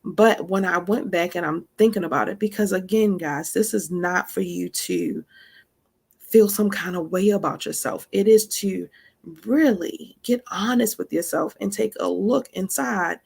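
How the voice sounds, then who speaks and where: Woman, gravelly and husky, chatty teacher who keeps checking in with listeners. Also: medium pitch, measured pace, a little mellow. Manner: conversational, addresses listeners directly with frequent asides; emphatic, laughs between points. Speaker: spiritual teacher. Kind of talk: casual teaching talk.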